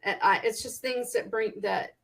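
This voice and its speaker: Woman author from Texas, casual podcast guest, fry in the voice. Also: a little high, poor audio. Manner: chatty and animated, quick restarts. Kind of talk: casual podcast interview chat.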